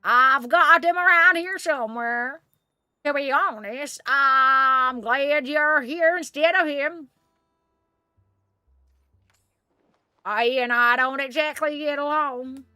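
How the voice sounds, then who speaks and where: A woman's voice: high-pitched, unhurried, bright, forceful tone, dry recording, exaggerated voice. A woman putting on a drawling Southern villager. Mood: friendly. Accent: attempted American Southern.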